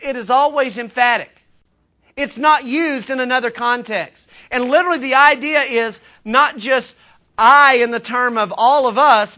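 A man's voice: very high-pitched, sharp tone. A man preaching a sermon as pastor, earnest and emphatic, with conversational asides to the congregation. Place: church.

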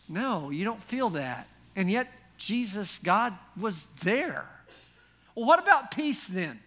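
A male pastor delivers a sermon with a high-pitched voice. His tone is bright and ringing. He keeps things folksy and animated, full of rhetorical questions and dry humor. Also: slow.

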